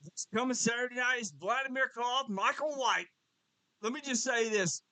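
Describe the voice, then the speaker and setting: High-voiced excitable man hosting. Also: no echo, rough recording. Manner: excitable, interrupts with quick questions. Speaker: wrestling show host. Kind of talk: casual podcast chat.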